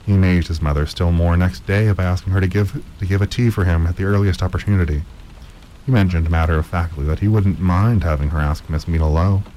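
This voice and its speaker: Male story narrator, very low and mellow, steady read-aloud delivery. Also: slight background noise, rough recording. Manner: measured, with occasional stumbles and repeats.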